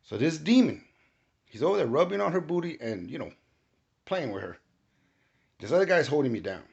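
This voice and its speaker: A man giving a casual testimony, animated and rising to shouts when he quotes himself. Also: fairly high pitch, brisk, creaky. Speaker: storyteller recounting a spiritual experience. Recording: dull lo-fi recording.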